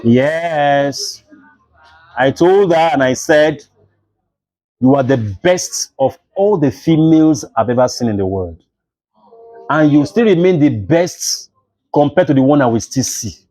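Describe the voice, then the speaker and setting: A man's voice: a little high, measured pace, pauses often. A young adult man with a Nigerian English accent, a literature teacher lecturing a class and acting out the voices in his stories. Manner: animated storytelling, acts out dialogue.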